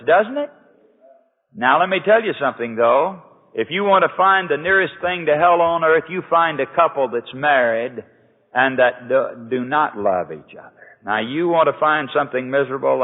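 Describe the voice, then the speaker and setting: Earnest preacher in an echoey hall. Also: male voice, medium pitch, animated, normal speed. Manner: earnest, conversational preaching with rhetorical questions. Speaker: pastor. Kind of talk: sermon. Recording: echoey hall over a tinny lo-fi line.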